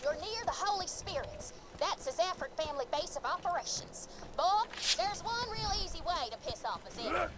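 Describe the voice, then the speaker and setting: A woman's voice: very high-pitched, animated, moderate pace, hardly any pauses, heavy background noise. An actress voicing a brash, crude young backwoods woman in a video game, folksy and wisecracking. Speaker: game character.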